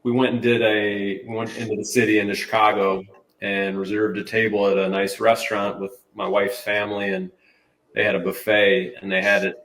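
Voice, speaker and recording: A low-voiced man chats as a podcast guest, rambling and upbeat, often restarting his sentences. His voice comes over a remote line from a roomy space, a little away from the microphone. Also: level tone, fairly quick, a bit bright. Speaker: podcast guest, brand manager. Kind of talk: casual interview chat. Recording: roomy, distant mic.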